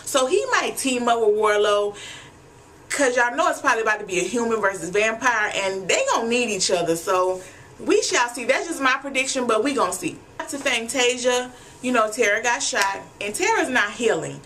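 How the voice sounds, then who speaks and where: A woman's voice: a little high, lively intonation, normal speed, a bit bright. A woman talking straight to her viewers in a casual recap vlog, blunt and chatty, swearing freely and calling them y'all. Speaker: TV episode recapper.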